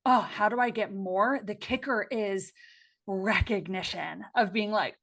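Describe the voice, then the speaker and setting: Woman, podcast guest, casual and expressive, thoughtful delivery with lots of fillers. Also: medium pitch, a little slow. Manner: expressive, reflective, many filler likes. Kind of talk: casual conversational interview.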